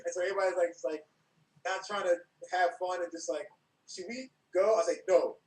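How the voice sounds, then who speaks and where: A man from New York, a guest on a podcast, telling stories with laughter and acted-out quotes in a relaxed chat. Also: high voice, fast talker. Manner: animated, acts out quotes, laughs often. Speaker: podcast guest, former wrestler. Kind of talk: casual storytelling chat. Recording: roomy, from a distance.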